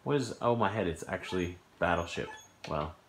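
A man giving casual let's-play commentary at home, thinking aloud and getting puzzled and excited over a game. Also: low voice, a little fast, slight background noise. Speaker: gameplay commentator. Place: home living room, on a sofa. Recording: echoey room with game music behind.

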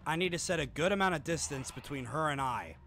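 A man streaming a horror game live, talking to himself and shouting and swearing at the enemies chasing him. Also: fairly high pitch, lively intonation, fast, faint music behind. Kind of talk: live gameplay commentary.

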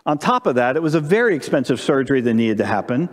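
Animated male preacher in an echoey church. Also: medium pitch, fast. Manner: animated storyteller, asks congregation questions. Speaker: pastor. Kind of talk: sermon with storytelling. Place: church sanctuary during live-streamed service.

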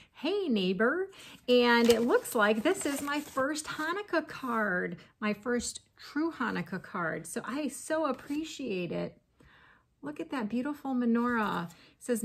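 A woman's voice: on the high side, gravelly, slight background noise. A middle-aged woman vlogger chatting casually to camera while opening fan mail, gushing and laughing often.

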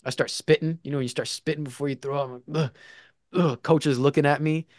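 Animated, swearing male storyteller, dry sound. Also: a little high, fast, no room sound. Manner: animated, profane, swings between loud and hushed. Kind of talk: casual comic storytelling.

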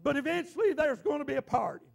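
A man's voice: very high-pitched, expressive, fast talker, creaky. A middle-aged man preaching a folksy, exclamatory sermon to his church congregation, often repeating himself. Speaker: pastor. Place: church sanctuary.

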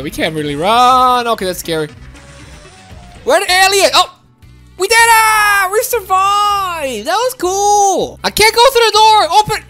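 A woman giving excitable, childlike gameplay commentary while speaking as her game character. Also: high-pitched. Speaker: game streamer.

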